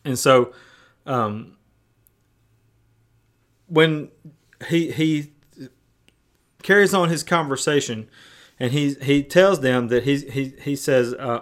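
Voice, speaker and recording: A man's voice: mid-range voice, unhurried, long pauses. A male pastor preaching a sermon in a conversational way, often repeating words and restarting.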